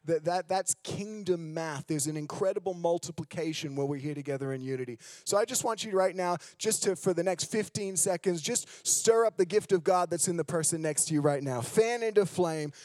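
A man's voice: fairly high pitch, expressive, moderate pace, a little mellow, dry recording, studio quality. A man from Australia with an American accent, preaching a sermon as a guest preacher and leading prayer, fervent and fond of repeating "just". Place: decorated church hall.

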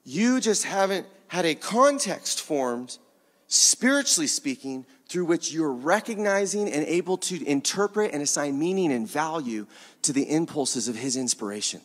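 Animated, high-voiced man preaching. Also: normal speed, big-room sound. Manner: animated, laughs often, conversational. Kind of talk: sermon.

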